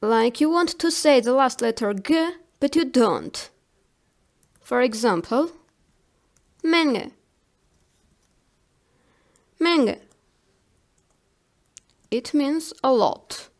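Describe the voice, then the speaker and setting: A woman teaching a language lesson, saying each example word slowly and carefully, often twice. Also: high-pitched, expressive, a little mellow. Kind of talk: slow scripted language lesson.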